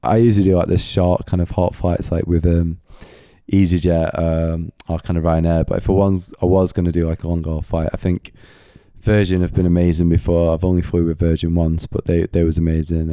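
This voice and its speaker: A man's voice: low-pitched, level tone, brisk, warm tone, clear, resonant tone, dry recording, studio quality. A man hosting a solo Q&A podcast late at night, his voice going a bit, rambling with lots of filler words like "kind of" and "like". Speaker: podcast host.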